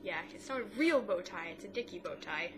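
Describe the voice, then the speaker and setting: A woman's voice: on the low side, expressive, brisk, noisy background. A woman co-hosting a casual podcast, retelling a TV episode scene by scene, quoting the lines and often restarting. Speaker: co-host of a mother-daughter podcast. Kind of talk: casual chat recapping a TV episode.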